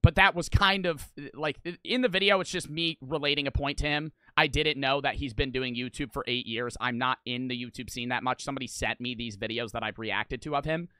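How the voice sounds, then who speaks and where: A man's voice: medium pitch, fairly quick, few pauses, pushed and bright, smooth, no echo, clean studio sound. A young man giving rambling, argumentative reaction commentary, swearing often and restarting his sentences. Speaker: online reaction streamer.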